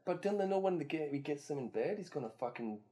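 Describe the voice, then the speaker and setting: A man co-hosting a podcast in loose, profane casual chat, now and then bursting into loud excitement. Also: fairly high pitch, fast. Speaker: podcast co-host.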